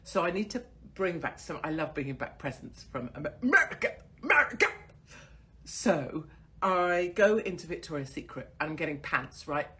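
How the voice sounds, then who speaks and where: A woman's voice: sits low, moderate pace. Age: 40s. Sex: woman. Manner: crude, sardonic ranting. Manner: crude, sardonic and mocking, swearing freely. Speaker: host of her own online show. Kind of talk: casual ranting monologue to camera.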